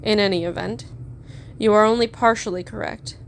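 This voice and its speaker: A woman reading a storybook voices a cold male professor who speaks soft, slow and scornful. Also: mid-range voice, fairly even intonation, gravelly, slight background noise, lightly acted. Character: cold sneering male professor, silky menace.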